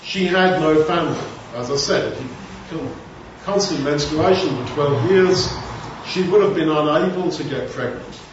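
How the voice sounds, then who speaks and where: A man's voice: on the high side, normal speed, few pauses, distant mic, background noise. Man, informal bible teaching, conversational asides, very echoey room, dull lo-fi sound. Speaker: preacher.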